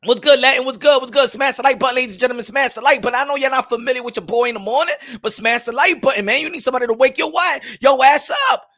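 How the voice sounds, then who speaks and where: A young man hosting a lively live-streamed boxing morning show, hyped and shouty, with street slang and Spanish phrases. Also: extremely high pitch, very fast, hardly any pauses.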